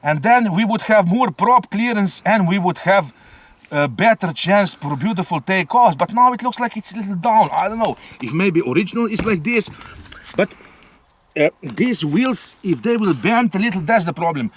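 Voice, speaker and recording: A man's voice: high voice, animated, moderate pace, fairly bright tone, a little hiss or hum. A man reviewing a model plane in casual chat, often tagging sentences with a questioning "eh?". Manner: chatty, ends phrases with a questioning "eh?".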